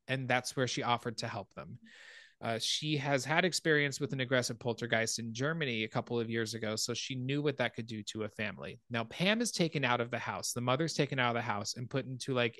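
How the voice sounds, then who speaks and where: A man hosting a podcast, casually retelling a film's plot scene by scene in an animated way. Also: medium pitch, no room sound. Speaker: podcast host. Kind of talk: casual film recap.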